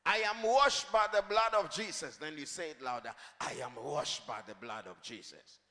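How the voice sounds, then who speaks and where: A male pastor preaching a sermon and leading the congregation in call-and-response, building up to shouted declarations. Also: a little high, moderate pace. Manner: leads the congregation in repeating lines. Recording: long reverb of a large hall.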